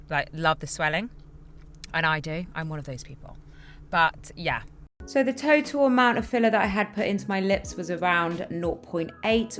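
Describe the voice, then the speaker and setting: A woman's voice: lowish voice, fairly bright tone. A young woman chatting casually to camera as a beauty vlogger, upbeat and confiding with her viewers. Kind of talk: casual vlog talk to camera. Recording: faint background music.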